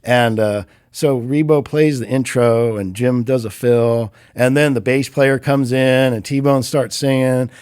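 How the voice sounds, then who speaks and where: Man, 50s, recording engineer, casual anecdotes, mid-pitched voice, dry close sound. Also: unhurried, few pauses, clear, resonant tone, no echo. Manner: animated, acts out quoted voices with big pitch jumps. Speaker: recording engineer, interview guest. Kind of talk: casual storytelling. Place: recording studio.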